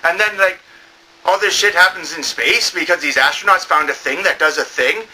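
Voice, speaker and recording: A man playing a manic bum movie reviewer who rambles in a comedic review, full of fillers, and sometimes bursts into shouting. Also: fairly high pitch, normal speed, low-quality recording. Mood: rambling.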